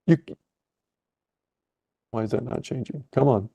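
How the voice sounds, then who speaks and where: A man coaching a live webcast lesson, thinking aloud and correcting himself as he clicks through trading software. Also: medium pitch, a little slow, gravelly, slightly rough, dull audio.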